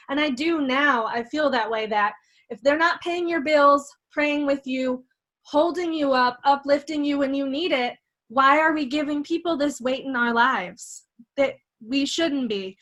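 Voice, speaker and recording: A woman guest reflecting on her past in a casual conversation. She talks in an earnest, emphatic way and repeats her key points. Her voice is high and bright. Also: rough recording. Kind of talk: casual chat.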